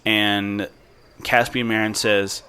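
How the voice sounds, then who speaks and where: A man's voice: on the low side, flat delivery, slow, pushed and bright, clear, resonant tone. A man narrating as game master of a tabletop role-playing game, describing scenes in an easygoing, descriptive way.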